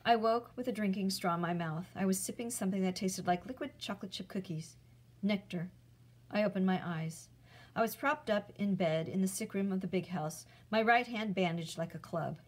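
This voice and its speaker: A woman reads a chapter book aloud, steady and clear, at a middle pitch for a woman. She tells the story plainly as a teacher reading to her class. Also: normal speed, low-quality recording.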